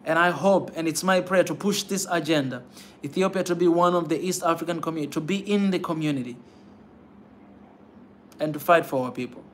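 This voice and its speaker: A man with a rather high voice talks fervently to his viewers as host of a pan-African channel. He repeats his phrases for emphasis and keeps tagging them with "man," pleading more than lecturing. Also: brisk, slight background noise. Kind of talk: impassioned livestream talk to viewers.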